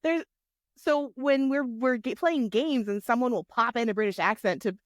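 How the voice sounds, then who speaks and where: A woman co-hosts a gaming podcast in casual chat. She is animated and chatty, and her voice is fairly high. The sound is dry and close. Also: normal speed, dry recording. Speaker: podcast co-host and game master.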